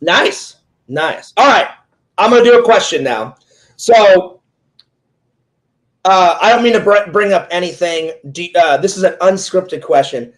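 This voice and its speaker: A man's voice: high voice, expressive, measured pace, long pauses, a bit bright, low-quality recording. A man hosting a casual interview, playful and joking, telling long rambling stories. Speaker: interview host, Twitch streamer. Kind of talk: casual chat.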